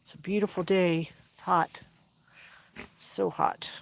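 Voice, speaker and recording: A woman's voice, on the low side and creaky, comes through slowly with fairly even intonation and a little hiss or hum in the background. She's hosting a livestream from her home kitchen and backyard, rambling amiably to viewers and cooing at her dogs in sing-song baby talk.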